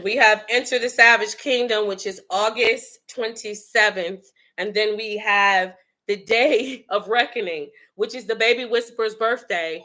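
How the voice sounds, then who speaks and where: A woman's voice: on the high side, bright, forceful tone. A woman from the Bronx hosting a casual livestream, chatting and greeting viewers by name. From the Bronx, New York. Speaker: livestream host.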